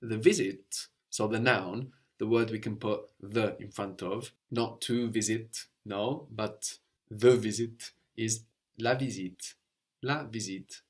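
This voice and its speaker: A man teaching a language lesson, explaining patiently step by step and often checking with a quick "no?". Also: fairly low pitch.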